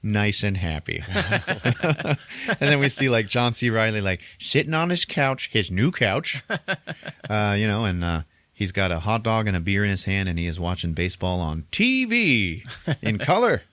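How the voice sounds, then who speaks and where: A man retells a movie to his co-hosts in a loose, chatty way, laughing often and acting out quotes from it. His voice is very low and deep. The recording is dry and close, with no room sound. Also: big pitch swings, normal speed, a bit bright, dry recording. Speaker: podcast host. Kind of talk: casual movie recap.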